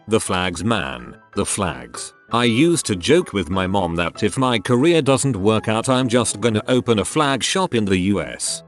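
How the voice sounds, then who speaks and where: A man narrating online stories aloud, lively, dropping his voice low when quoting people.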